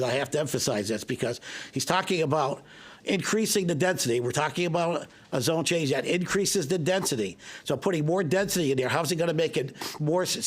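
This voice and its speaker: A man speaking as a resident at a town planning hearing, emphatic and insistent, repeating his points and checking in with "okay?". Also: fairly high pitch. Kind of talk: public comment at a town meeting.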